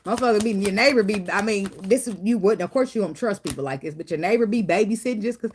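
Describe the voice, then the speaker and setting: A woman giving a casual spiritual tarot reading, swearing freely and jumping into high acted quotes. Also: lively intonation, fast, few pauses, husky. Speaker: tarot reader.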